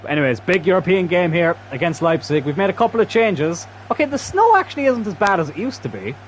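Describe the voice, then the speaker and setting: A man's voice: high-pitched, big pitch swings, fast, a little hiss or hum. A man giving casual, chatty commentary while playing a football video game, swearing freely. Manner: chatty, swearing, bursts into loud laughter. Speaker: gaming YouTuber.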